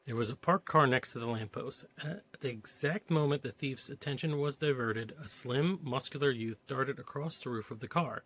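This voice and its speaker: A man's voice: mid-range voice, moderate pace, fairly bright tone. A man reading a novelization aloud, stopping now and then to joke and comment on the story. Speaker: reader of a novelization.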